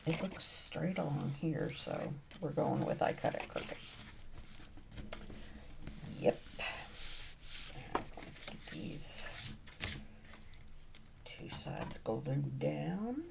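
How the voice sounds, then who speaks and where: Lady talking through her craft project, low gravelly voice, slow and wry, mutters little asides, noisy background. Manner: wry, self-mocking muttering to herself; drops into soft asides while working. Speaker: crafting vlogger. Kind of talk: casual narration while crafting.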